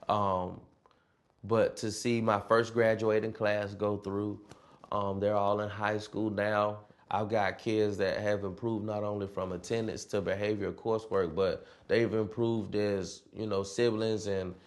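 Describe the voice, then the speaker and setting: A man who mentors and coaches students, telling stories about his work in an earnest, expressive way, laughing often and mimicking his students' voices. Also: lowish voice. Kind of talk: personal storytelling interview.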